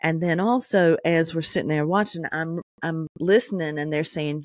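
A middle-aged woman co-hosting a podcast, telling an animated story full of profanity in casual chat. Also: low-pitched, normal speed, no echo, clean studio sound. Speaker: podcast co-host.

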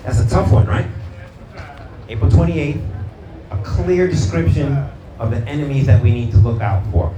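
A man's voice: mid-range voice, normal speed, pauses often, mellow, slight background noise. A middle-aged male pastor from Brooklyn preaching to a live congregation in a loose, slangy storytelling way, stumbling over repeated words and calling out to the audience. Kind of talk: conversational sermon. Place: church hall with live audience. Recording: roomy, from a distance, crowd audible.

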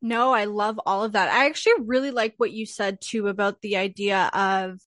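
A woman's voice: medium pitch, fairly even intonation, moderate pace, a bit bright, no room sound, clean studio sound. A woman hosting an interview podcast, affirming her guest in a conversational way. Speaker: podcast host. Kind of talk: casual interview chat.

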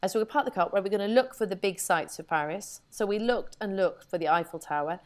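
A woman's voice: mid-range voice, quick pace. A middle-aged woman, a podcast co-host chatting animatedly and laughing often. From Wales. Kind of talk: casual chat.

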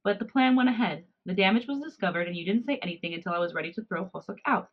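A woman's voice: medium pitch, fast, natural voice. A woman voicing a scheming male cat hybrid colony leader, cool and calculating, in a storybook reading with slightly dull podcast audio. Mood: probing.

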